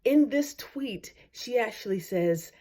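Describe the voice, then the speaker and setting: A woman's voice: lively intonation, takes it slowly, warm tone. A woman lawyer giving opinion commentary, making an argumentative case and often asking "right?". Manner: argumentative, frequent tag "right?"; acts out quoted voices with big pitch jumps.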